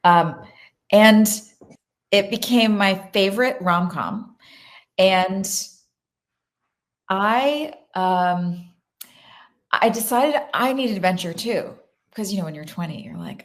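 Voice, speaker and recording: A woman's voice: fairly low pitch, measured pace. A woman, an actress, chatting animatedly in a casual live question-and-answer session about her film. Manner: chatty and animated, with fillers and asides.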